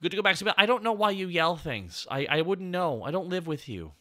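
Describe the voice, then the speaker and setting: A man's voice: sits high, very animated, brisk, bright, forceful tone. A man streaming, chatting casually and laid-back with his viewers, swearing freely.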